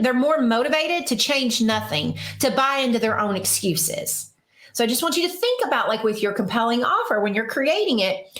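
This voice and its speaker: Animated, frank woman in an echoey room. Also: on the high side. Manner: frank and animated, swears casually, acts out clients' inner voices. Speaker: podcast host and business coach. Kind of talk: casual solo podcast talk.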